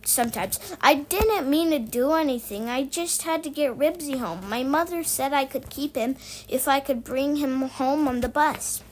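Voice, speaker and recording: A polite young boy, read by a woman, speaks in a small, quiet voice. He is worried and earnest in this storybook reading, and his voice is high. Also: normal speed, slight background noise, natural voice.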